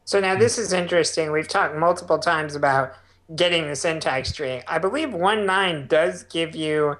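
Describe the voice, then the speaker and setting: A man's voice: a little high, moderate pace, a bit bright. A man on a podcast panel speaking tentatively in casual technical discussion.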